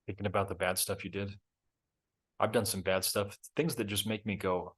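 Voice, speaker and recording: A man's voice: on the low side, normal speed, breathy edge. A middle-aged man hosting a reflective talk, telling a story in a candid, self-deprecating way. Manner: candid, self-deprecating, animated when reenacting. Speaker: host.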